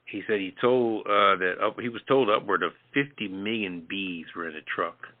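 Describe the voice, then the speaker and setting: A man's voice: on the low side, normal speed. A man co-hosting a talk show, stumbling through a news item and adding blunt, profane remarks. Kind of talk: casual news reading with crude asides. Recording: tinny phone-like line.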